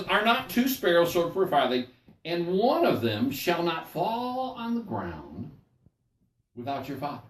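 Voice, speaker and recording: An older man serves as pastor, giving a folksy, chatty Bible study sermon. His voice sits fairly high and rises and falls in animated swings. He is heard from a distance in an echoey room. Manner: folksy, conversational, checks in with listeners.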